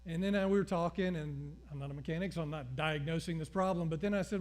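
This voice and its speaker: A middle-aged male pastor preaching a sermon, telling stories with acted-out dialogue in an animated way. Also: on the high side, fast.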